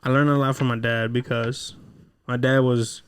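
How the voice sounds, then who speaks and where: Young male podcast co-host, mid-pitched, loose storyteller who swears freely. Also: flat delivery, moderate pace, clear, resonant tone. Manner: laid-back, swears freely, acts out quotes. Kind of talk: casual chat, storytelling.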